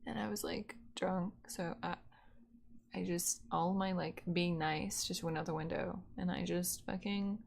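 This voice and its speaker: Young woman streamer with a creaky, gravelly voice, rambling and profane, casual live storytelling. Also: lowish voice, steady tone, unhurried. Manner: profane, rambling, filler-heavy.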